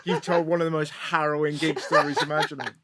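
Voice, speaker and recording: A man's voice: fairly high pitch, little pitch movement, fast talker, crowd noise. A man hosting a casual chat, prompting his guest with questions and dry asides. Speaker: host.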